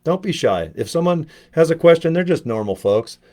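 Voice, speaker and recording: A man's voice: a little high, sing-song, moderate pace, a little mellow. A middle-aged man promoting network marketing in a casual motivational video, talking in a loose, rambling way with frequent swearing and restarts.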